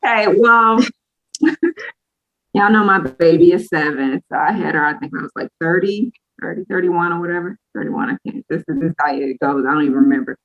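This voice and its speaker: A woman's voice: lowish voice, moderate pace, a bit bright, muffled recording. A woman in her thirties, a podcast co-host, candidly telling a personal story in a rambling, casual way with frequent asides. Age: 30s.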